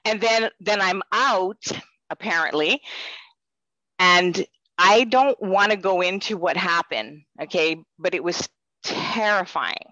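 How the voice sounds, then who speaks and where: A woman's voice: fairly low pitch, slow pace, bright, forceful tone, no echo, highs cut off. A woman sharing a personal faith testimony in earnest, rambling storytelling.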